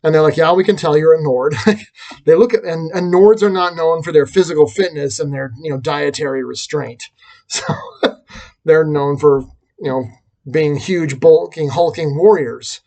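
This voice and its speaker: A man's voice: fairly high pitch, fairly even intonation, a little slow, darkish tone. A man talking through a reflective personal vlog, rambling and self-deprecating, with frequent restarts. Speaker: vlogger and teacher.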